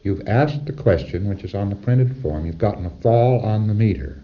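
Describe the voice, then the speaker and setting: Deep-voiced man lecturing on old tape. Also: animated, normal speed. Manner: emphatic, rhetorical, checks in with "See?". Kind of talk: recorded lecture. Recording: dull lo-fi 1960s lecture tape.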